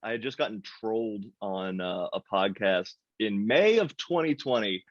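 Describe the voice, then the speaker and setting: A man hosting a casual podcast chat, animated and self-deprecating, laughing often. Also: on the low side, moderate pace, no room sound, muffled recording. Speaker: podcast host.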